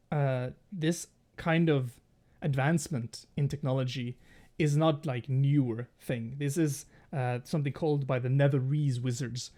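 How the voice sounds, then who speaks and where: A man narrating as game master in a live tabletop role-playing session, halting often and restarting his sentences as he describes the scene. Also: mid-range voice, mellow. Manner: halting, many restarts and fillers.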